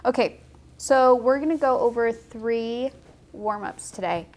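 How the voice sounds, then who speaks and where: A young woman giving a casual, chatty watercolor painting tutorial, encouraging and quick to laugh. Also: fairly high pitch, a little mellow. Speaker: watercolor instructor.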